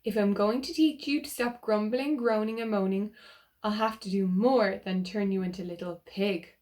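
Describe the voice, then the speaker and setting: A woman's voice: medium pitch, normal speed, a little mellow, close to an everyday voice. A woman reading as a stern storybook wizard. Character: stern male wizard teaching a lesson.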